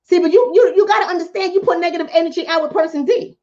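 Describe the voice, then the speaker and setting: Speaking straight to her viewers, a woman vlogger gives a casual commentary monologue, preaching emphatically. Her high, mellow voice swings hugely up and down, she talks a little fast with long pauses, and the sound is a little dull and lo-fi.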